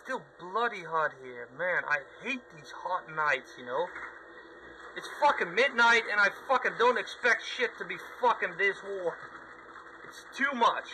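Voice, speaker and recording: A man talks over his gameplay in a high, bright, lively voice, swearing constantly and mocking the characters on screen. His commentary swings between griping and gloating, with a faint hiss of noise behind him. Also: measured pace, rough recording. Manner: sweary, sarcastic, ranting at the game. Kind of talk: let's play commentary.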